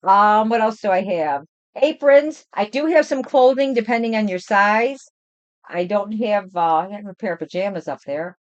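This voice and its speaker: An older woman and grandmother hosting a casual livestream chat, rambling and animated as she tells stories from home. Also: mid-range voice, normal speed, no echo, highs cut off. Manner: chatty, rambling, animated storytelling. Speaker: livestream host.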